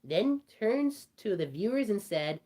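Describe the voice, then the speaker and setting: Cartoon rabbit storyteller, voiced by a performer; rambling, restarts often, lively mellow delivery. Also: mid-range voice, a little slow. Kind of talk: storytelling in character.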